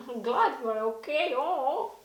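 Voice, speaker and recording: A woman beauty vlogger chatting casually through an unboxing, easily excited, her voice a little hoarse. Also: sits high, slow pace, reverberant, rough recording. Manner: chatty, easily excited, gasps and laughs often. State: slightly hoarse.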